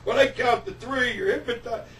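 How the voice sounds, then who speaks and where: Guy doing a panicky young hypnotist kid, squeaky and loud, faint hiss behind. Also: moderate pace. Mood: commanding. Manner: high, excited shouting. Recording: roomy, distant, faint hiss.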